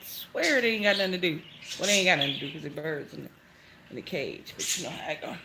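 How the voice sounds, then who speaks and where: A woman's voice: expressive, quick pace, very noisy. Sing-song chatty woman livestreaming from home. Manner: chatty, greets each viewer with a high sing-song "hey". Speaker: vlogger hosting a phone livestream. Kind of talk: casual livestream chat, greeting viewers. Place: at home, indoors. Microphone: phone held at arm's length. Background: pet birds chirping.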